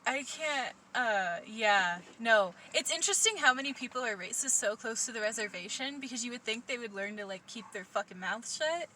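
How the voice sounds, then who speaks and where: Podcast guest, female, age 20: bright, candid, profane; distant mic with faint noise. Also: on the high side, lively intonation, normal speed, few pauses. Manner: frank, swears, laughs easily. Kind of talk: casual podcast chat.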